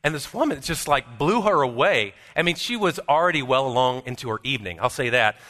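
A man preaching a sermon as a pastor, telling a story in an earnest way, moving from loud, lively passages to hushed, quiet ones. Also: mid-range voice, quick pace, in a large hall. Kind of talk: chapel sermon.

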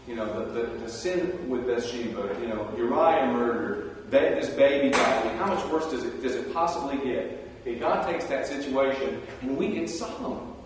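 A man giving a sermon, telling the story in a conversational way with animated asides. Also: medium pitch, moderate pace, hardly any pauses, a little hiss or hum. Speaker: preacher. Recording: roomy hall, distant mic.

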